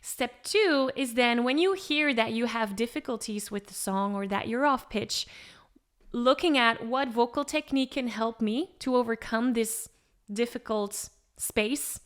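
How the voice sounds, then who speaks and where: A woman vocal coach explaining pitch step by step in an encouraging way, with short sung demonstrations. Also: measured pace. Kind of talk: singing lesson with sung demonstrations.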